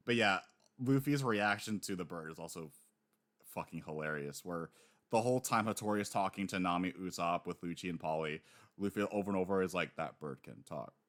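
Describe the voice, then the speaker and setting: Low-voiced animated man chatting. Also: brisk. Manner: animated, laughs often, slips into voices when retelling scenes. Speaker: podcast co-host discussing a manga. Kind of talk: casual chat.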